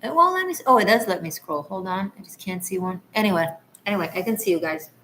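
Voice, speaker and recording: A woman's voice: mid-range voice, animated, quick pace, a bit bright, slight background noise, low-quality recording. A woman from Israel hosting a tarot livestream, chatting casually with viewers in a rambling, laughing way. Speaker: tarot reader and livestream host.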